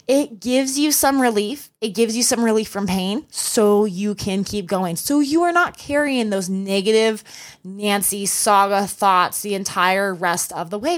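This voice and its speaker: A young adult woman with an unhurried, mid-range voice runs a solo podcast as a running coach. In casual talk, she tells a race story and offers earnest, encouraging advice.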